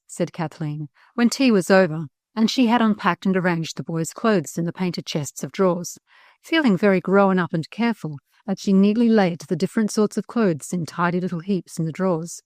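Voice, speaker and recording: A woman narrating a storybook audiobook in a measured, expressive reading. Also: lowish voice, no echo, clean studio sound.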